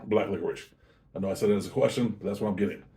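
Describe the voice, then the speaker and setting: Casual male host for a tasting review, warm low-key delivery, chatty and unhurried. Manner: chatty, easygoing, self-correcting.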